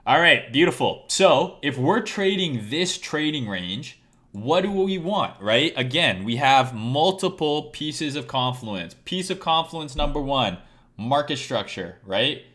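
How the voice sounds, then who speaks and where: In a live-streamed chart lesson, a male trading educator teaches by quizzing his audience, keeping things casual and profane. His mid-range voice is fairly bright with lively intonation, and he speaks slowly.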